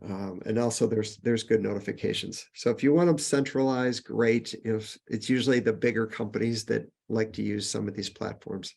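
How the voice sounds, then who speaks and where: A man's voice: on the low side, steady tone, brisk, creaky, hardly any pauses, a little mellow, breathy edge. A man presenting a business webinar in a conversational manner, with frequent fillers and restarts, lifting his voice on each numbered point. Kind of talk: casual webinar teaching.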